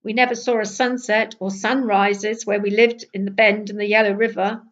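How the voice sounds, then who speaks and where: An older woman from Britain reading her travel memoir aloud in a lively, wry storytelling manner. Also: mid-range voice, normal speed, highs cut off.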